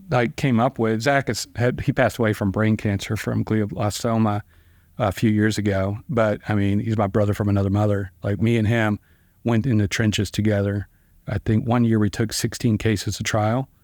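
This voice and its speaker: Middle-aged male attorney guest, mid-pitch, dry close sound, chatty storyteller who mimics the people he quotes. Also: no echo. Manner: lively storyteller who acts out quoted dialogue with sharp pitch jumps; loose, conversational phrasing with fillers like "like" and "you know". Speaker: trial attorney, podcast guest. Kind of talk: casual anecdotal storytelling.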